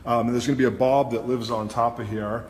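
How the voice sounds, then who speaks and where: This hairstylist and host talks fast with a flat delivery and medium pitch, and a little hiss or hum is audible. Chatty throughout, he explains each step of a live haircut demonstration, recorded in an echoey salon studio with long reverb and faint ambience.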